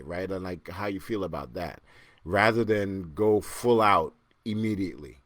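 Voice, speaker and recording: A man hosting a casual solo podcast, joking and laughing as he reacts to listener comments, jumping between loud excited bursts and low muttering. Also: moderate pace, no echo. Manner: animated, joking, laughs often, repeats himself. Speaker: podcast host.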